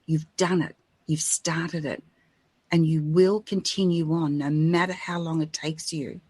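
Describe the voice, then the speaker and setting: A woman co-hosting a spiritual radio show, speaking softly and reassuringly. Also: sits low, fairly even intonation, measured pace, husky, dry recording. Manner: soft-spoken and reassuring. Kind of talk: gentle spiritual encouragement.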